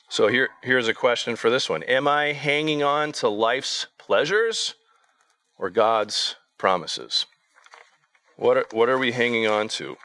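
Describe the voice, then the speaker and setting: A man preaching a sermon in an earnest, halting way, often repeating words as he restarts his sentences. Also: medium pitch, animated, pushed and bright, dry recording.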